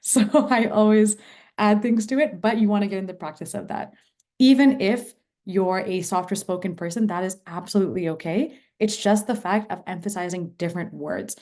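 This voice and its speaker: A woman's voice: medium pitch, moderate pace, warm tone. A woman presenting an online mentorship workshop over a video call, talking with enthusiasm and emphasis.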